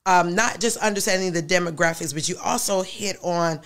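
A woman's voice: lowish voice, fairly quick, a bit bright. A woman pastor hosting an interview, encouraging and affirming her guest as she asks questions. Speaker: pastor and show host.

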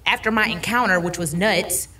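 A woman's voice: mid-range voice, normal speed, bright, forceful tone, far from the mic, a little hiss or hum. A woman in her thirties, a podcast guest, speaking candidly about her faith and often repeating phrases to reassure. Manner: emphatic, repeats phrases for comfort.

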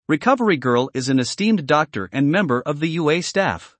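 A man's voice: on the high side, animated, a little fast, dry recording. A man voicing a stern, formal teenage boy who lectures his friends by the rules.

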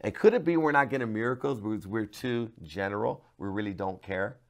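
A man, a pastor, giving a devotional sermon to camera, moving from hushed, earnest talk to loud, pleading cries. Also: fairly low pitch, brisk. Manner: passionate, swings from hushed to loud cries when quoting.

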